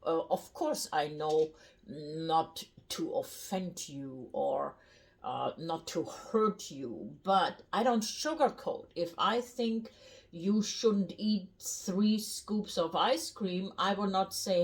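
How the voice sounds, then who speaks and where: An older German woman from North Rhine-Westphalia talks slowly in a fairly low voice, telling stories casually to the camera. She's a cooking vlogger whose manner is blunt and chatty, rambling along with plenty of fillers.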